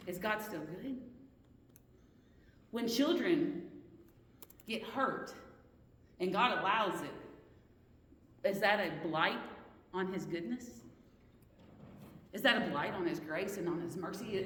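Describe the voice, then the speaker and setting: Woman Bible study teacher, earnest and questioning, recorded from a distance in a roomy hall. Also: on the high side. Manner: earnest, questioning, restarts mid-sentence.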